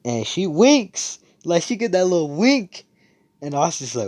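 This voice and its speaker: A man's voice: fairly high pitch, lively intonation, normal speed, darkish tone. A young man casually retelling a story, rambling and swearing, full of slang and self-corrections.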